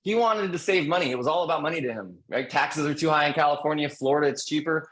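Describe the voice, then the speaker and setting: A man who is a real estate agent, presenting call scripts on a panel webinar in an energetic coaching manner, repeating his key points. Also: a little high, fast, low-quality recording.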